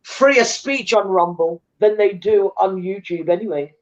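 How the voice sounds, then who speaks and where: A woman's voice: mid-range voice, measured pace, highs cut off. A woman guest in a casual chat, talking earnestly and repeating her points.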